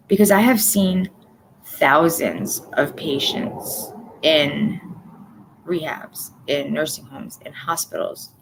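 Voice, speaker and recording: A woman in her forties giving a personal livestream update, soft-spoken and halting, often dropping to a near-whisper. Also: on the low side, vocal fry, slight background noise, poor audio. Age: 40s. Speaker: livestream host.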